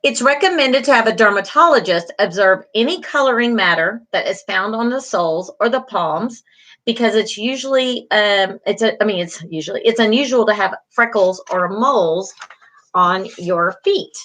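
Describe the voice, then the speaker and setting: A middle-aged woman lectures an online class at normal speed, her medium-pitched voice slightly bright with lively intonation, though the audio is poor. Her teaching is patient and repetitive, reassuring students, returning to key terms, and full of fillers.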